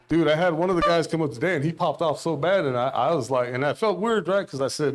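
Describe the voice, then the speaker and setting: A man's voice: a little high, rapid-fire, few pauses, slight background noise. A middle-aged man giving an informal sermon at a church service, rambling and conversational, telling stories with quoted dialogue. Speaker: lay preacher.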